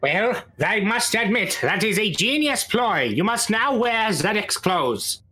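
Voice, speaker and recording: A man's voice: high voice, very animated, unhurried, pushed and bright, slightly rough. A man playing a tabletop game, bantering in character in a playful, mock-naive way.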